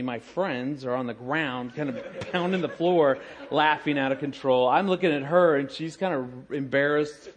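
A middle-aged man telling a humorous story to an audience in an animated, self-mocking way, acting out the dialogue. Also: on the high side, slightly rough. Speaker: speaker telling a story with his wife.

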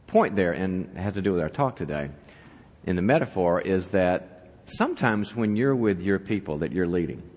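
Brief: lively, lower-voiced male speaker addressing a crowd, conversational storyteller. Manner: animated storyteller, conversational, asks the audience questions. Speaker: church leadership speaker. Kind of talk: conference talk to an audience. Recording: reverberant hall.

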